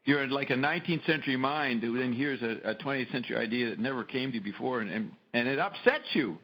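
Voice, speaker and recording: A middle-aged man hosting a casual talk show, telling animated anecdotes and swearing freely. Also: mid-range voice, fast talker, poor audio. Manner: animated storyteller, frequent profanity. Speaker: podcast host. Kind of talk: casual conversation.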